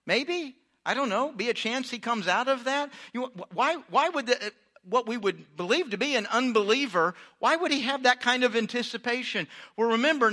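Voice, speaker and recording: A man's voice: high voice, pushed and bright. A man preaching a sermon, reading scripture aloud and adding chatty, joking asides for his congregation. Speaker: pastor.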